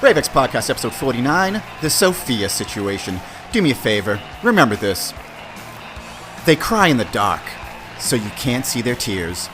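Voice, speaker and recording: A man hosting his own podcast, telling a story in a casual, profane way. He talks straight to his listeners and swings from loud disbelief to low mutters. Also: moderate pace, music in the background. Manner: animated, profane, addresses listeners as guys. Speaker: podcast host.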